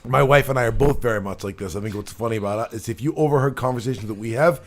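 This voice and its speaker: A man's voice: medium pitch, racing. A married man hosting a casual podcast, talking loosely with plenty of "like" and playing clips to react to. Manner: chatty, many fillers, plays clips to react to. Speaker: podcast host. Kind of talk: casual chat.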